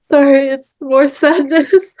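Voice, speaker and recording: A woman's voice: high-pitched, steady tone, slow, a little mellow, rough recording. A woman in a therapy session, hesitant and searching for words, laughing through tears. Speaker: client.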